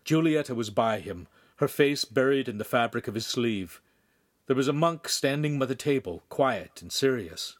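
Reading a young adult book for an audiobook, a man narrates with calm, measured steadiness. His pitch is mid-range, and he performs the characters' voices within the scripted text.

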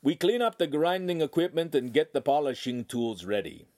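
Man doing Italian master craftsman, cheerful, bossy, broken English, raised pitch, storybook reading. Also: lively intonation, normal speed, darkish tone, natural voice.

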